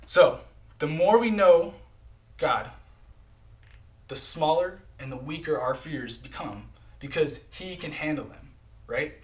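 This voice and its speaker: A man's voice: fairly high pitch, expressive, takes it slowly, pauses often. Earnest conversational male preacher. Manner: earnest, conversational, frequent "right?" and "okay?" check-ins. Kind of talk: sermon. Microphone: live stream.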